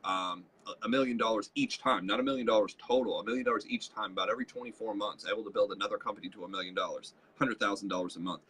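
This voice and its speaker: A man co-hosting a live leadership show, telling stories with lively quoted voices. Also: fairly low pitch, rapid-fire, husky. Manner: animated storytelling with quoted voices. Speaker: co-host, leadership trainer. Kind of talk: casual live-stream teaching.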